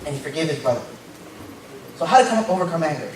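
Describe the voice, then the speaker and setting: A young man giving a casual, joking sermon as a lay preacher, tagging his points with quick asides. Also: a little high, lively intonation. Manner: informal and joking, tags lines with "right?". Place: church hall. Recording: very echoey church hall, mic far off. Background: congregation noise.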